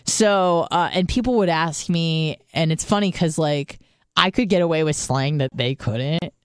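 A woman's voice: low voice, measured pace, clear, resonant tone, no room sound, clean studio sound. A young American woman from San Diego, a podcast host telling stories in casual chat, swearing often and mimicking other people's voices. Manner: chatty storytelling, swears a lot, mimics voices.

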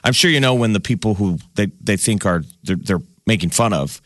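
A man's voice: lowish voice, expressive, fairly quick, fairly bright tone, no echo. A man hosting a radio show, chatting and joking casually with his co-hosts in a studio. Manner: chatty, joking, trailing off into asides. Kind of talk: casual morning radio banter. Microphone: studio microphone.

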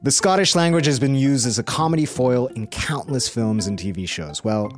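A man's voice: medium pitch, normal speed. A man from Bolivia co-hosts and narrates a podcast in an upbeat, teasing manner. Faint music runs under his voice. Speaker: podcast co-host. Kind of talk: casual chat and scripted narration.

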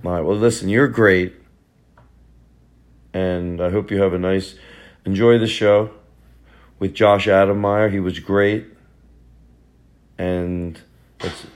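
A man's voice: sits low, steady tone, slow pace, long pauses, a little hiss or hum. A middle-aged man, a stand-up comedian hosting a podcast, riffing in a sarcastic, joking way with repeated bits. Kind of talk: casual comedic podcast banter.

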